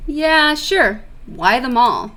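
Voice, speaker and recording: A teasing teenage girl with a breezy, playful lilt, as a woman reads her aloud. She sounds quick with a jab, the voice of a high-school senior in a dating game. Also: very animated, pushed and bright, exaggerated voice.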